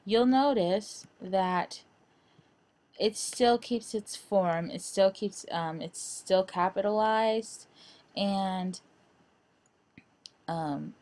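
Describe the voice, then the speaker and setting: A woman giving a screen-recorded design lesson, talking in a halting way with many fillers and restarts. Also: medium pitch, a little mellow. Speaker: instructor.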